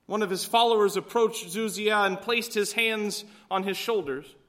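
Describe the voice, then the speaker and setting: A man's voice: high voice, moderate pace, fairly bright tone. A male pastor preaching a sermon, telling stories and voicing the people in them. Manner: storytelling with voiced quotes.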